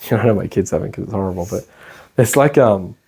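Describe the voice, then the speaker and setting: Husky man teaching meditation. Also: lowish voice, a little fast, darkish tone. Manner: rambling, chatty, laughs while explaining. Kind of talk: casual spoken lecture. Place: indoor class room.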